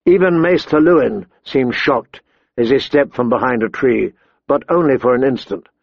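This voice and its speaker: A man narrating a fantasy audiobook in a measured, deliberate storytelling manner. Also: mid-range voice, gravelly, no echo. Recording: slightly dull, dry recording.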